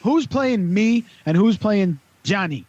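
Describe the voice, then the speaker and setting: Welsh male quizmaster, high voice, teasing, lo-fi stream audio. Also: lively intonation, slow, darkish tone. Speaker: podcast host running a quiz. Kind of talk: casual live stream banter. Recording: dull lo-fi live stream rip with faint noise.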